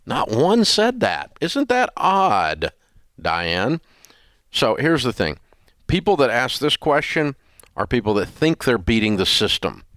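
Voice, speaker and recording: A man's voice: mid-range voice, sing-song, slow, fairly bright tone, no echo, clean studio sound. An older man hosting a radio advice show, blunt and scolding in an emphatic, repetitive way. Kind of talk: call-in advice show banter.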